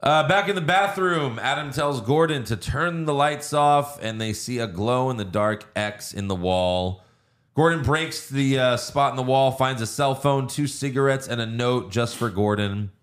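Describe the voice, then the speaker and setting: A man's voice: medium pitch, moderate pace, a bit bright. A man co-hosting a podcast, casually recapping a movie plot with fillers and swearing. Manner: recounts plot with fillers and acted quotes. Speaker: podcast co-host.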